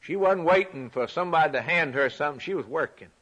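A man preaching a sermon, emphatic and repetitive, rising loud for scripture and dropping quiet for key points. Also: fairly high pitch, animated, fast talker, breathy edge. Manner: emphatic, repeats phrases, swings from loud to quiet; reads scripture aloud in a raised voice.

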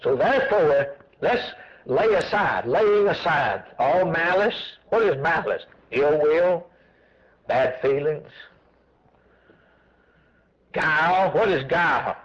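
A man's voice: on the high side, animated, slow pace, long pauses, highs cut off. A man preaching a sermon with an emphatic, repetitive cadence, asking and then answering his own questions.

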